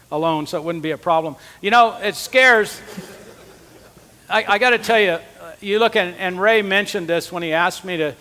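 Bright-voiced man preaching in a hall. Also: high voice. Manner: conversational preaching, earnest. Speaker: conference speaker. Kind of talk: sermon teaching.

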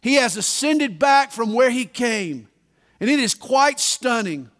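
Man, high voice, slow unhurried delivery, emphatic sermon, echoing conference hall. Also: expressive, fairly bright tone. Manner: deliberate, emphatic preaching with dramatic pauses. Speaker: pastor.

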